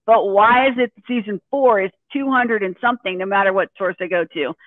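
A man with a high voice co-hosting a podcast, chatting casually and exclaiming with enthusiasm. He comes through a tinny, phone-like line. The sound is completely dry. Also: a little fast, no echo. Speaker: podcast co-host. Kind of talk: casual chat.

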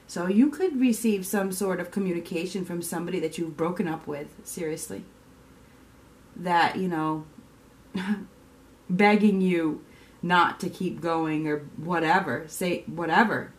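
A woman's voice: lowish voice, a little slow. A woman giving a casual tarot reading, chatty and repetitive, sometimes acting out the reactions she describes. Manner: chatty, repeats herself, acts out quoted reactions. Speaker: tarot reader.

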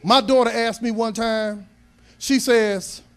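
A man's voice: extremely high pitch, steady tone, takes it slowly, fairly bright tone, smooth. A middle-aged man preaching a sermon, telling homey family stories with humor and building to emphatic, raised points. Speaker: pastor.

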